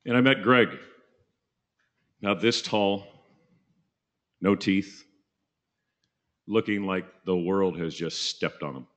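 Low-voiced male preacher, laid-back and jokey, tells stories and does voices. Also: slow pace, long pauses, fairly bright tone. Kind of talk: sermon storytelling.

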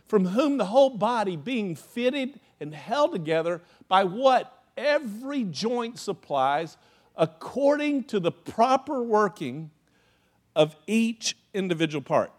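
A man's voice: high-pitched, big pitch swings, slow pace. A man preaching a sermon in a conversational way, telling stories from his own life with lots of "you know" and laughing asides. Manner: acts out anecdotes with laughing asides. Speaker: pastor.

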